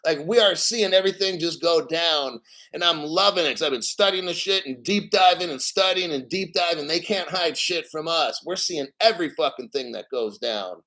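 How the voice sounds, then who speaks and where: Loud cocky guy reading crypto news, swearing a lot, kinda high voice, laughing and choking up. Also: normal speed, few pauses, low-quality recording. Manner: boastful, swearing, laughing, reads article aloud. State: emotional, near tears. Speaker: crypto channel host. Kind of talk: profane excited commentary.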